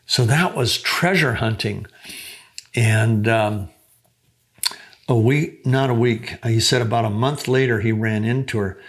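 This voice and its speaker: A man's voice: mid-range voice, a little slow. A man teaching a lesson by retelling a story in earnest detail, constantly marking who said what and lingering on key points. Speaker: teacher of a mentoring series.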